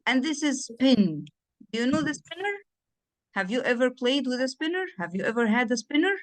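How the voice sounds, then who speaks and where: In a high-sitting voice with big pitch swings and normal speed, a native Arabic-speaking woman teaches English over a video call. It's a one-on-one online lesson where she patiently drills words and checks the student's comprehension.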